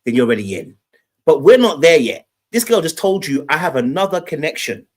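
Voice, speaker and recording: A man comments on a dating show as a podcast co-host. He talks in an animated way and mocks what people say in put-on voices. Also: a little high, a little fast.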